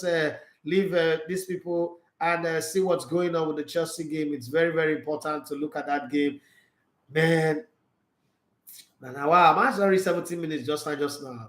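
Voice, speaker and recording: A man with a Nigerian Pidgin English accent runs an excitable football chat, laughing and switching freely between Pidgin and English. His voice sits a bit high for a man. The room around him rings with a noticeable echo. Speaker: sports channel host. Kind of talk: live football commentary chat.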